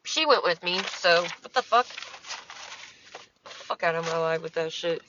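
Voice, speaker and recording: A woman's voice: lowish voice, measured pace, highs cut off, background noise. A woman talking casually on her livestream, answering comments in a profane, exasperated, rambling way.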